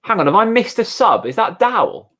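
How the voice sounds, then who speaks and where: A man co-hosting a football watchalong, calling the play as it happens in a chatty, animated way. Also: high voice, a little fast, slightly rough. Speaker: fan watchalong co-host. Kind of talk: live football commentary chat.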